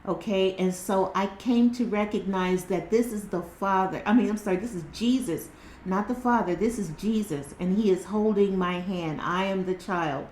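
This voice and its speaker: A woman's voice: medium pitch, moderate pace, darkish tone, a little hiss or hum. Woman doing a tarot reading vlog at home, earnest chatty rambling, lots of um and restarts. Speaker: spiritual tarot reader and channel host. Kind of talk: casual spiritual vlog chat. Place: indoors at home by natural light.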